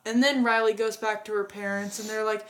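A woman's voice: medium pitch, little pitch movement, brisk. A woman co-hosting a casual movie review, earnestly retelling the plot step by step.

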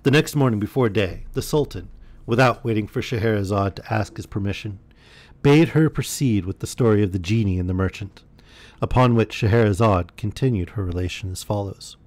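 A man reading a bedtime story aloud in a calm, measured way. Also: fairly low pitch. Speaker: storyteller streamer.

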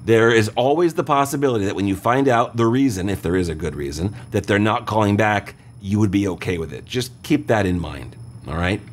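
A man's voice: lowish voice, expressive, a little fast. A man hosting a radio advice show, explaining things step by step and often checking in with listeners. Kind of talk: call-in radio advice talk.

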